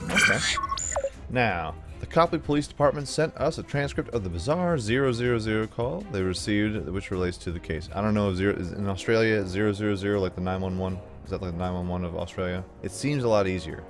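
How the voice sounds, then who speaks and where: Rambling low-voiced male gamer. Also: fairly quick, over music. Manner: chatty, rambling, self-mocking. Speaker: gaming video host. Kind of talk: casual let's play commentary.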